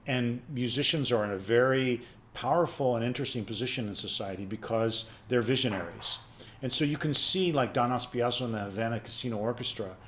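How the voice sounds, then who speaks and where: A man on a video call, a music professor and panelist in a casual webinar discussion, telling animated stories and lecturing. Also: medium pitch, a little hiss or hum.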